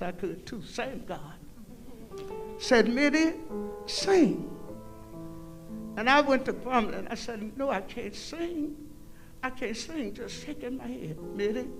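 An older woman, a guest singer telling a folksy, preachy testimony to a concert audience and breaking into hymn lines. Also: fairly high pitch. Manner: preachy, folksy storytelling, calls out "y'all". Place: concert hall stage.

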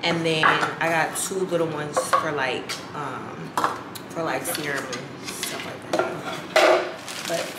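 Young woman vlogger, low-ish voice, chatty and loose, echoey home with dishes clattering behind. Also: steady tone, slow pace, heavy background noise. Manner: chatty, lots of ums, calls the viewers y'all. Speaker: lifestyle vlogger. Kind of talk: casual chat to camera. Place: home kitchen and bathroom, indoors. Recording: roomy room with household clatter.

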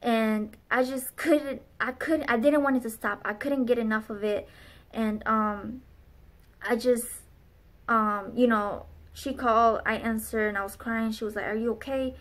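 A woman's voice: fairly high pitch, fairly even intonation, measured pace. A young adult woman vlogger telling a personal faith testimony in an earnest, rambling way with many fillers.

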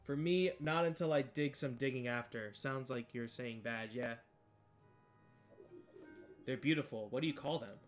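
A man's voice: medium pitch, normal speed, long pauses, faint music behind. A man streaming a game playthrough live, reacting aloud with lots of swearing and repeated exclamations. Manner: profane, exclaiming, repeats himself.

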